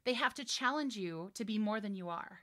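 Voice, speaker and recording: A woman in her forties, a voiceover artist and director, chatting in an interview with lively, emphatic energy and frequent laughs. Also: medium pitch, a little fast. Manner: animated, laughing, emphatic storytelling. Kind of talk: casual interview chat.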